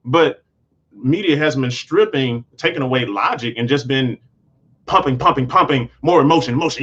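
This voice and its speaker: A man's voice: fairly high pitch, normal speed, a bit bright. A man with a slightly raised voice, talking earnestly in a casual livestream commentary. He rambles and restarts his sentences often. The audio is dull and lo-fi. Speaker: channel host.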